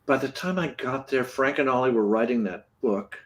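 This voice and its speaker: A man's voice: mid-range voice, normal speed. A man, a former animator, talking casually in an interview and rambling with restarts. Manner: rambling, many restarts and fillers.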